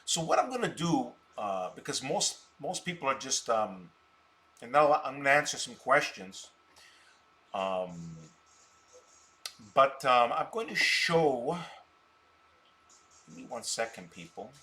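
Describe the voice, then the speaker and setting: A man hosting a stock trading live stream, mocking his viewers scornfully and boasting, with loud bursts of laughter between rambling stretches. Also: mid-range voice, very animated, slow pace, long pauses. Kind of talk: ranting live stream talk.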